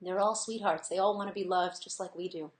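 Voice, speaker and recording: A woman's voice: lowish voice, steady tone, brisk. Chatty woman presenting in an echoey room. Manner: chatty, earnest, laughs often, many fillers. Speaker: webinar host. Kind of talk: casual presentation.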